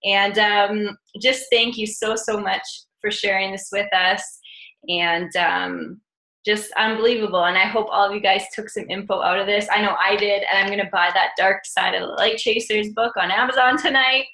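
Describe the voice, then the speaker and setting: A woman's voice: mid-range voice, steady tone, normal speed, bright, forceful tone, roomy sound. A woman from Canada hosting a team call, gushing and enthusiastic. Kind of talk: team call, casual chat.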